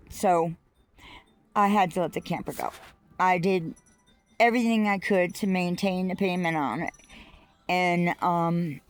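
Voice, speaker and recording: A woman talking casually to camera in a personal vlog, rambling and halting with many fillers, outdoors on her rural property. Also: fairly low pitch. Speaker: vlogger.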